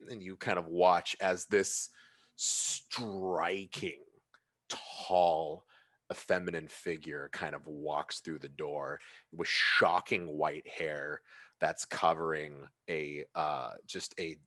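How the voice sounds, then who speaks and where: A man's voice: extremely low pitch, fairly even intonation, takes it slowly, a bit bright, dry recording, clean studio sound. A man narrating a tabletop game as game master in a rambling style with lots of fillers.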